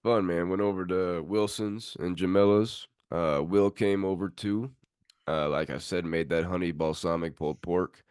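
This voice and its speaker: A man's voice: low-pitched, fairly even intonation, moderate pace, darkish tone, clean tone, no room sound, clean studio sound. A man hosting a sports podcast, chatting in laid-back, friendly banter. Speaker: podcast host. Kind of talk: casual chat.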